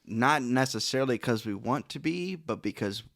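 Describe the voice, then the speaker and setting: A man's voice: medium pitch, animated, moderate pace, creaky, a bit bright, dry recording. A man hosting a casual podcast from his home studio, easygoing and laughing along with his guest. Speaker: podcast host.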